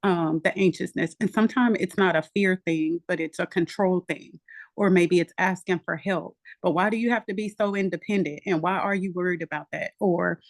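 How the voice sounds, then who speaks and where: Low-voiced middle-aged mother, reflective. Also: fairly even intonation, moderate pace, dry recording, clean studio sound. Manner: reflective, many fillers, storytelling. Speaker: mother sharing in Bible study. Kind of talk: casual faith discussion.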